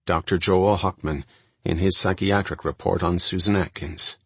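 A man narrating a first-person true-crime audiobook in a steady, measured reading. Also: low voice, breathy edge, no room sound.

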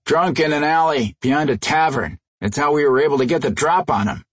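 A man's voice: on the high side, expressive, a little fast, husky, dry recording, pitched above the performer's own voice. A man voicing a nervous, whiny squat alien hired thug in an audiobook. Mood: defensive.

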